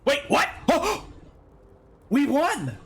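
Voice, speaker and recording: Excitable man streaming a game, high, lively voice with big swings, faint game music behind. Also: drawn-out words. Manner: excitable, swearing, with loud surprised outbursts. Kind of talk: live game commentary.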